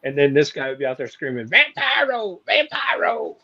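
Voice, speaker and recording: A man's voice: mid-range voice, level tone, very fast, dry recording. A man co-hosting a chatty show, laughing and reminiscing in casual banter. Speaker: podcast co-host. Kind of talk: casual chat. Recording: dull lo-fi sound.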